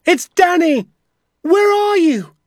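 A man voicing a frightened young boy who calls out and pleads for his father in a high, strained voice. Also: expressive, brisk, a little mellow, slightly rough, no room sound, studio quality. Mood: desperate calling.

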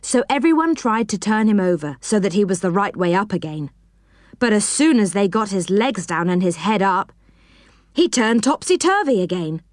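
A woman reading a children's storybook aloud, expressive and dropping her voice for each speech tag. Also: mid-range voice, normal speed, dry recording, studio quality.

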